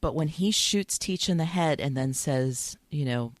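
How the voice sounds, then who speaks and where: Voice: mid-range voice, expressive, a little slow, dry recording. A podcast co-host in casual chat, retelling TV scenes with a lot of emotion. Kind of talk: casual chat about a TV episode.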